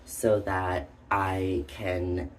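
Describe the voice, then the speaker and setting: Very slowly and with flat delivery, a low-voiced vlogger chats about personal matters, sounding winded and hesitant. Plenty of "um"s and "like"s fill the speech, and there is a little hiss or hum in the audio.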